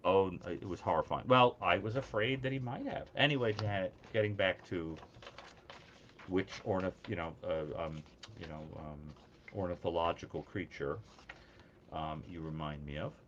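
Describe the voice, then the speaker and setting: A man co-hosting a casual call-in show, an animated, self-mocking storyteller on a remote mic. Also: sits low, normal speed. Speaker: co-host. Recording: dull lo-fi call audio, faint noise.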